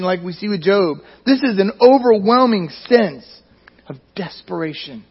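A man delivering a sermon in a church, his voice sitting high for a man and roughened by a gravelly edge. He presses hard on key words, then lets phrases sink almost to silence. The recording is dull and lo-fi. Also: big pitch swings, unhurried. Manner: emphatic, dropping to near-quiet at phrase ends. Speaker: pastor. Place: church sanctuary.

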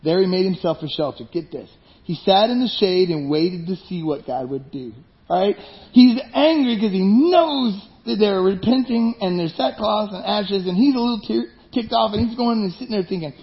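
A man's voice: high-pitched, expressive, normal speed. A man preaching a sermon with emphasis, turning to the congregation with rhetorical questions. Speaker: pastor. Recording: dull lo-fi sound.

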